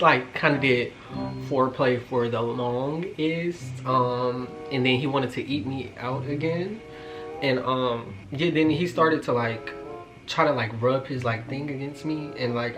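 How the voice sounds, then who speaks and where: A man in his twenties telling a casual, slangy storytime vlog, jumping loud and high when reacting and dropping to quiet asides. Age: 20s. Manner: casual slangy talk, lots of fillers. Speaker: vlogger.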